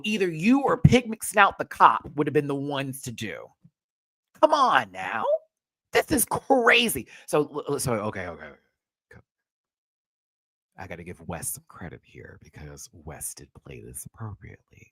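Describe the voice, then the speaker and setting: Man, casual recap rant, profane, very lively pitch, dry sound. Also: normal speed, husky, no room sound. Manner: animated, profane, swings between loud outbursts and muttering. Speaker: show recap host.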